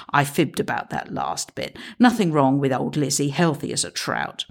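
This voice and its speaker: A woman's voice: deep voice, expressive, normal speed, creaky, few pauses. A woman narrating a comic story in a dry, wry way.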